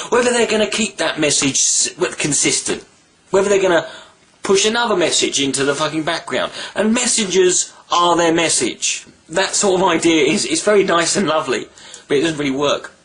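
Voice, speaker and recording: A man telling a story in a casual vlog monologue, animated, rambling and swearing freely. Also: a little high. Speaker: vlogger.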